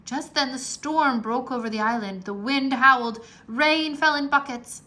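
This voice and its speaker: A woman reading a children's book aloud in a slow, animated storytelling manner, with a gravelly edge. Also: high-pitched. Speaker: read-aloud narrator.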